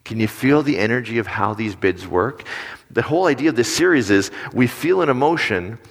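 A man preaching a sermon in a conversational way. He asks his listeners questions and turns animated when he acts out little stories. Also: medium pitch, a little fast, breathy edge. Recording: long reverb of a large hall.

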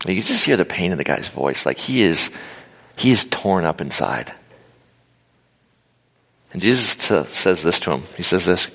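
This low-voiced man swings his pitch widely, speaking at normal speed with long pauses and a slightly bright tone. Preaching a casual sermon to a live crowd in a big hall, he acts out quotes and drops in jokes, and the reverberant room comes through on the recording.

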